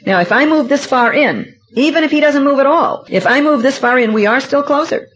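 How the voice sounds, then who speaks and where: A middle-aged woman giving a seminar talk, telling personal stories in an animated, self-mocking and emphatic way. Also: high-pitched, fairly quick. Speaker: seminar speaker. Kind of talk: lecture with personal anecdotes. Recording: dull lo-fi recording.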